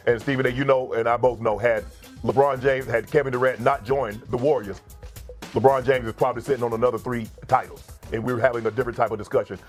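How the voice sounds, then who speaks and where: A man analyzing sports in a debate, measured and hesitant, with lots of fillers as he builds his case. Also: mid-range voice. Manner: measured, lots of ums and uhs while building an argument.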